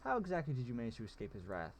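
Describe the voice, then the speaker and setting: A man's voice: medium pitch, wildly swooping pitch, racing, slight background noise. A man voicing a shrewd, calculating male goblin general who explains things at length. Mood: scheming.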